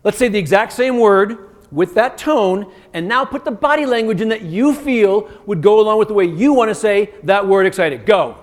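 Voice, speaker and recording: A man giving an interactive keynote as a communication coach, energetic and firing quick commands at the audience. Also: high voice. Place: conference stage in a large hotel venue.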